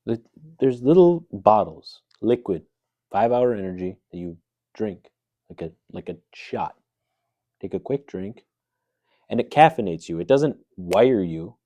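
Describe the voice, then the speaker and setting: A man's voice: lowish voice, lively intonation, measured pace, mellow, dry recording, dull audio. An actor playing a stern late-night talk show host who questions his guest in a dry, incredulous and scolding manner in an improv comedy sketch.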